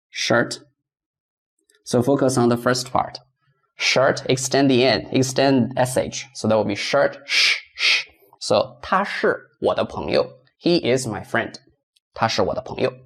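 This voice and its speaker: A man's voice: medium pitch, vocal fry. A man teaching beginners pronunciation, patiently repeating sounds and stressing tones. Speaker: Mandarin teacher.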